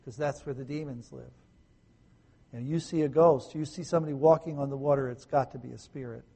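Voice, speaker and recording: A male pastor preaching a sermon, asking his listeners questions and swinging from loud emphasis to hushed, soft tones. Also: mid-range voice, steady tone, fairly quick, creaky, husky. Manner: asks the listeners rhetorical questions.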